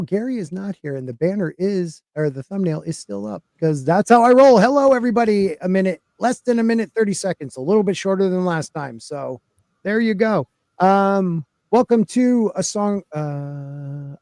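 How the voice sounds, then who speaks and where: A man's voice: high-pitched, expressive, moderate pace, a little mellow, no echo. A man hosting a casual podcast, upbeat and rambling, laughing easily as he introduces his panel. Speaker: podcast host. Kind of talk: casual chat.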